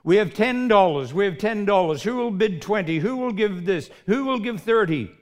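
Persistent auctioneer voiced by a man, raised, insistent, pitched up. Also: lively intonation, normal speed. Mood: urging. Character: persistent male auctioneer calling for bids.

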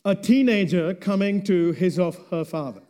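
A man preaching a sermon, slow and deliberate, letting his voice drop low and quiet at the end of phrases. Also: clear, resonant tone. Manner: slow and deliberate, dropping to a hush at phrase ends.

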